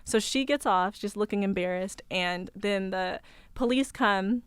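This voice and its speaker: A young woman in her twenties, a radio studio guest telling her own story in a calm, measured way. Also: mid-range voice, clear, resonant tone, no echo. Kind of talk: recounting a personal story on radio. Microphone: studio microphone.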